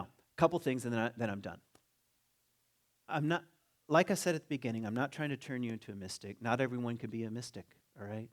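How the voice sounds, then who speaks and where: This is a man giving a conversational spiritual talk as a visiting teacher in a church sanctuary. With a medium-pitched voice, he jokes and stays animated, but takes quotes slowly when reading them out.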